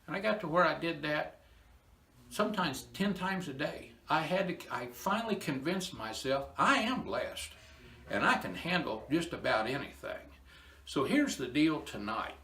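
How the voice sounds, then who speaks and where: An older man tells his story in an earnest, emotional, homespun way. His voice is bright and forceful. The sound rings around the hollow space of a barn. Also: a little high, big pitch swings, measured pace, reverberant. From Indiana, USA. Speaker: inspirational storyteller. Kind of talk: personal testimony talk.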